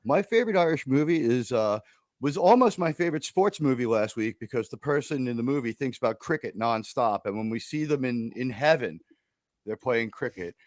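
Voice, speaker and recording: A man's voice: medium pitch, expressive, a little fast, darkish tone, dry recording. A man with an average voice talks films on a casual panel in a wry, mock-earnest tone. The sound is dry and close.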